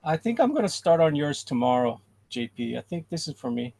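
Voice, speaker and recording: Gravelly man murmuring over noisy audio. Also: on the high side, big pitch swings, a little fast. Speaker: artist on a live stream. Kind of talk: casual chat while drawing.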